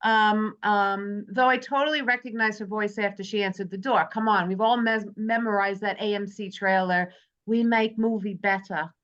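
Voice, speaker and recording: A woman's voice: mid-range voice, steady tone, normal speed, few pauses, fairly bright tone, clear, resonant tone. A woman hosting a casual movie club chat, reading from her notes and joking with friends. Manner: chatty, jokey, reads from prepared notes. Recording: dull lo-fi sound.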